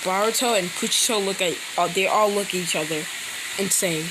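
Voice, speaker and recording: A woman improvising a fan-fiction story out loud, rambling with many restarts and fillers. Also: medium pitch, a little fast. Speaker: amateur storyteller. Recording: loud background noise.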